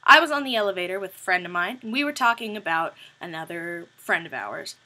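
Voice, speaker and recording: A young woman in college telling funny stories to her camera in a casual, animated way, swearing freely and joking. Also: on the low side, a little fast. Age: young adult. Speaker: vlogger.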